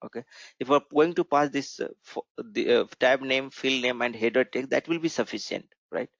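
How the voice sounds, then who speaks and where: Guy explaining code step by step, keeps saying right?, kinda gravelly, dull dry mic. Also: mid-range voice, moderate pace, fairly bright tone, no room sound. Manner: explanatory, asks "right?" often. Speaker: programming instructor. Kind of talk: screen-share coding tutorial.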